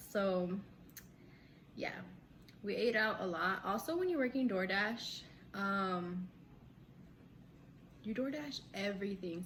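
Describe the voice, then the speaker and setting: A young woman vlogger telling a story in casual chat, animated, often laughing and acting out quotes. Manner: animated, acts out quotes with big pitch jumps; laughs between lines, says "like" a lot. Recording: faint background noise.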